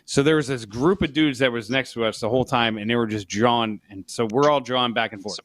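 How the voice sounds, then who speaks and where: A man's voice: mid-range voice, fast talker, fairly bright tone. Rambling, laughing male podcast storyteller. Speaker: podcast co-host. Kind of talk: casual storytelling.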